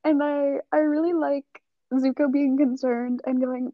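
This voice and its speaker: Woman co-host, high voice, dry close mic, teasing. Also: little pitch movement, unhurried, no echo, lo-fi sound. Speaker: podcast co-host. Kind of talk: casual chat.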